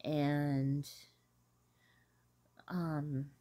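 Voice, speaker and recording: A woman hosting a casual talk about an old film, rambling and hesitant with many pauses. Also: deep voice, flat delivery, dark tone, dry recording. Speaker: host reviewing an 80s film. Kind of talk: casual chat.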